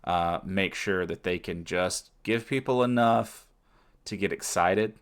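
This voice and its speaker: A man co-hosts a relaxed podcast conversation. His voice sits very low, and he talks in an even, unhurried way. He keeps reaching for ums and uhs as he thinks aloud. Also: clean tone. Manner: measured, with many fillers. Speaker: podcast co-host. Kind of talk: casual chat.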